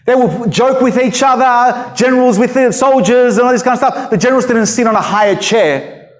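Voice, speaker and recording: Male pastor preaching, earnest and emphatic, high-pitched voice. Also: fairly quick. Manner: earnest and emphatic, with rhetorical questions. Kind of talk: sermon.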